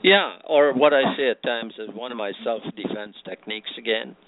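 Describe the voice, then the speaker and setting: An older man from Guyana, a guest author, telling anecdotes with gentle humor in casual conversation. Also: mid-range voice, moderate pace, slight background noise. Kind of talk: casual chat. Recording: dry, tinny phone line.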